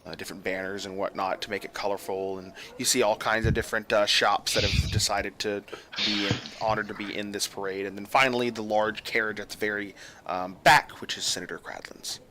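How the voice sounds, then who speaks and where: Male game master, bright voice, descriptive narration with lots of ums. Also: lowish voice, fairly even intonation, fairly quick, slight background noise. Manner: descriptive, with many fillers.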